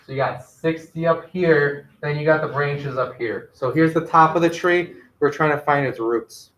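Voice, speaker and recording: A male teacher giving a classroom math lesson, gently directing students and quizzing them with questions. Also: on the high side, moderate pace. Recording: echoey classroom.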